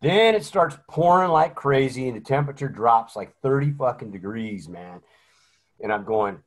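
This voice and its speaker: A veteran man telling a profane anecdote in casual chat, animated and blunt. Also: medium pitch, moderate pace. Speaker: military veteran guest.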